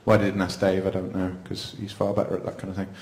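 A man's voice: sits low, completely flat delivery, fast, darkish tone. A man speaking to a live audience at an event, chatty and self-deprecating, with frequent laughs. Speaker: panel speaker. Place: event venue, indoors. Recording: echoey room.

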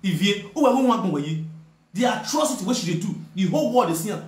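A man's voice: high-pitched, lively intonation, fast, roomy sound. A man speaking with a Nigerian Pidgin accent, scolding someone directly in a repetitive, confrontational rant. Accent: Nigerian Pidgin English. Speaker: online video presenter. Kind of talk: ranting direct-to-camera message.

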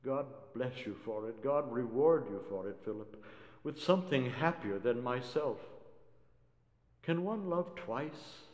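Gentle, torn young woman, voiced by a man. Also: mid-range voice, lively intonation, measured pace, close to an everyday voice. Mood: tender. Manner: tender, hesitant, pleading. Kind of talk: dramatic poetry recitation. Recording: roomy hall reverb.

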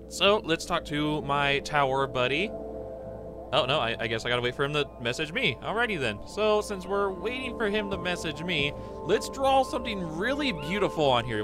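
A young man narrates his horror game playthrough in an excitable, jumpy way. His voice sits high and swings wildly in pitch as he chatters to viewers. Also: moderate pace, over music. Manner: excitable, jumpy, laughs and yelps often. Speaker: gaming channel host. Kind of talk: let's play commentary.

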